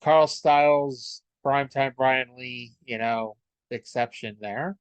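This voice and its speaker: A man's voice: medium pitch, slow, smooth, dry recording. Rambling male podcast host, dry sound. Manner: rambling, with many fillers. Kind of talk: casual episode recap.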